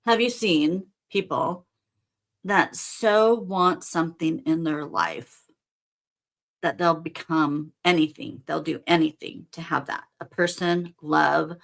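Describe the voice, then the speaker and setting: Brief: middle-aged woman host, casual spiritual talk, earnest and direct, lower voice. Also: gravelly. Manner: earnest, conversational, addresses listeners directly.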